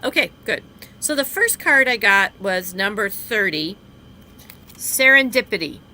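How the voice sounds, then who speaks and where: A middle-aged woman co-hosting a live card reading, speaking casually and drawing out key phrases slowly. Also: medium pitch, expressive, pushed and bright. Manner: slow, drawn-out emphasis on key phrases. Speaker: card reader co-host.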